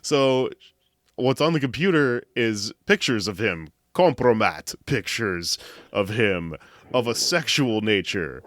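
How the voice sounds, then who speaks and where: A man's voice: on the low side, animated, slow, fairly bright tone, dry recording, clean studio sound. A man hosting a podcast, casually retelling a story in a rambling, amused way. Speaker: podcast host.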